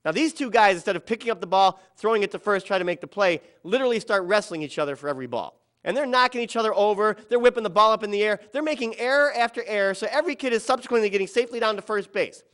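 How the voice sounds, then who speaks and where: A middle-aged man telling a personal story about a children's ball game, dramatic and quoting others in softer or louder voices. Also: sits high, rapid-fire, hardly any pauses.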